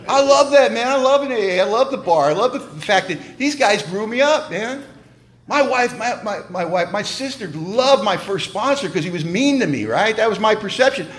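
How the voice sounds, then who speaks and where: A man's voice: high-pitched, expressive, a little fast, a bit bright. A man giving a humorous, emphatic personal testimony at a recovery meeting, in a conversational storytelling manner.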